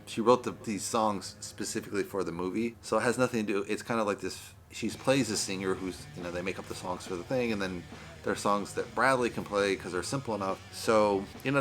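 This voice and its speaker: A man's voice: lowish voice, a bit bright. A man giving a casual, rambling movie review on his vlog, often saying "you know" and "right".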